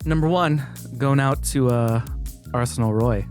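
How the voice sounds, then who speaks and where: A man co-hosting a podcast in playful casual chat. He jokes around and sometimes drops into a low mock-seductive voice for shout-outs. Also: measured pace, over music. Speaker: podcast co-host.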